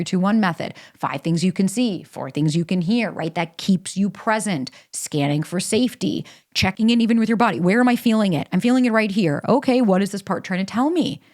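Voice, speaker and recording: A woman talks straight to her listeners in a solo podcast, emphatic and animated. She is casual and blunt, with plenty of swearing. Her voice sits at an ordinary middle pitch. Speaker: podcast host. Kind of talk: solo podcast monologue with ad read.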